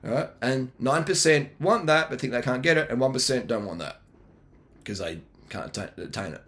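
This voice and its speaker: A man's voice: mid-range voice, expressive, brisk, a bit bright. A middle-aged man giving blunt, slangy dating advice in a casual monologue, with laughing asides. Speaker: video blogger answering viewer questions.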